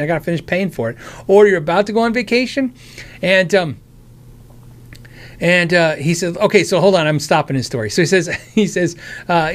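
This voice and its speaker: Man, American accent, tired worn voice, rambling friendly live-stream chat, somewhat high pitch. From United States. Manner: rambling, friendly, with many restarts and asides. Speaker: guitar channel host answering live chat.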